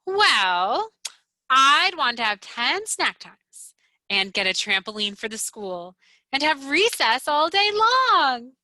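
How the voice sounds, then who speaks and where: A woman voicing an excitable young boy frog with squealing, drawn-out, eager words. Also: high voice, dry recording, voice pushed up, full character voice. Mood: excited.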